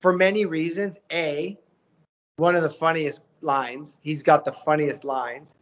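A middle-aged voice actor chatting as a guest, animated and motivational, often acting out the quotes he tells. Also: fairly high pitch, a little slow, muffled recording. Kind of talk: casual interview chat.

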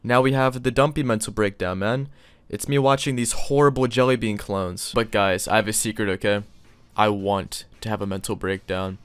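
A young man doing comedic reaction commentary, crude and loud, breaking into mock outrage and sudden yelps. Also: lowish voice, steady tone, moderate pace, clean tone, no room sound. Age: young adult. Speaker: YouTube commentator.

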